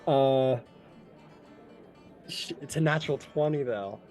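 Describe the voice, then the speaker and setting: A man narrating as game master of a tabletop game, relaxed and full of fillers, with asides to the players. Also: mid-range voice, slow pace, faint music behind.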